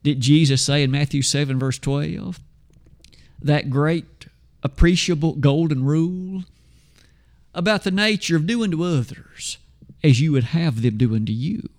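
A man preaching a sermon, emphatic, asking rhetorical questions and slowing down to stress scripture. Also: on the high side, a little mellow.

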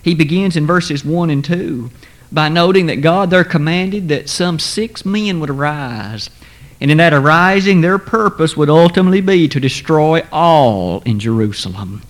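Higher-voiced man preaching a formal sermon. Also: animated. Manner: measured, formal, emphatic.

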